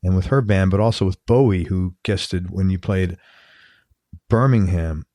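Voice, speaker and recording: A man's voice: low voice, steady tone, moderate pace, warm tone. A man hosting an interview, eager with brief affirmations and questions. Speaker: interview host. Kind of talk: casual interview.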